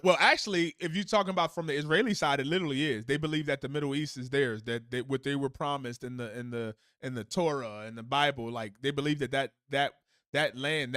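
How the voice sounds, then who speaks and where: A man's voice: mid-range voice, no room sound, studio quality. A man hosting a live stream, reacting to the news in a heated, profane, rambling way. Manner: profane, animated, rambling with restarts. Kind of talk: casual heated reaction commentary.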